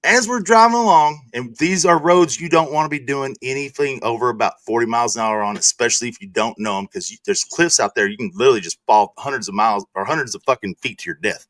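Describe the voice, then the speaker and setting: A man's voice: mid-range voice, quick pace, hardly any pauses, fairly bright tone, no room sound. A man from Texas, a stream host telling a profane story in casual chat.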